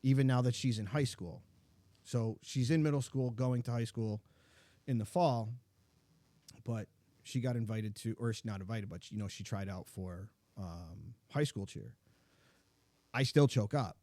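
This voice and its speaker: A man's voice: medium pitch, measured pace, mellow, no echo. A middle-aged man hosting a podcast in casual chat. He tells stories loosely, with lots of "like"s and fillers. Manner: chatty, filler-heavy storytelling with many "like"s. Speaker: podcast host.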